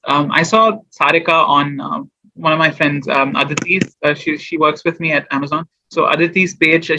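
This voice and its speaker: A guest poet who also owns a small business chats casually on an interview show about publishing his poetry, rambling with fillers and restarts. His voice is on the high side, bright and forceful, on a muffled recording.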